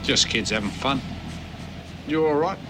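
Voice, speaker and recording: A man's voice: mid-range voice, animated, a little slow, close to an everyday voice. An actor playing an unflappable tough man who stays dry and unbothered when a mugger confronts him, in an old film clip. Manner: laid-back, dry, unbothered. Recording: old film clip under loud music.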